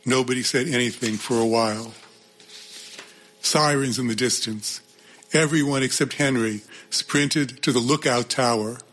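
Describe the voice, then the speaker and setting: A man reads aloud from a book in a plain, mid-pitched voice. Between passages he stops for hesitant asides full of fillers. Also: a bit bright.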